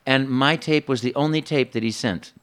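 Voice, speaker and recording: A man, a voice actor, telling a story in an interview in an animated way, with frequent stammers and restarts. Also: mid-range voice, normal speed.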